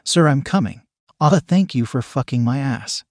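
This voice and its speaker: A man's voice: medium pitch, lively intonation, normal speed, darkish tone, dry recording, clean studio sound. A man voicing an eager, submissive young woman who pleads and stammers breathlessly. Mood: pleading.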